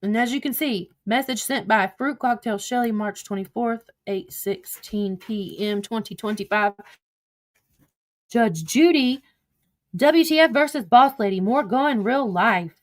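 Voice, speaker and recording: A vlogger casually recounts online drama by reading a text exchange aloud, framing each message as "I said, she said." She swears freely and sounds blunt and exasperated, her voice a little high and a little slow.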